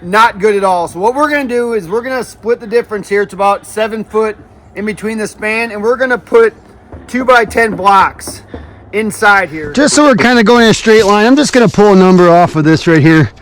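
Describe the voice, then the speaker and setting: A man's voice: high-pitched, brisk, fairly bright tone, a little hiss or hum. A man hosting a construction vlog outdoors in the cold, chatty and upbeat, a little out of breath as he explains each step. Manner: chatty, upbeat, explains steps while working. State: breathing heavily from cold and climbing. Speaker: builder and channel host. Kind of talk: casual construction vlog narration. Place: outdoors on a cold building site. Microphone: action camera.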